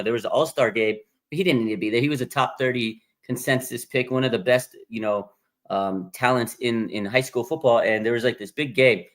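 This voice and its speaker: A man hosting a casual sports livestream, rambling excitedly and reading viewer comments aloud. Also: mid-range voice. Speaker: sports podcast host.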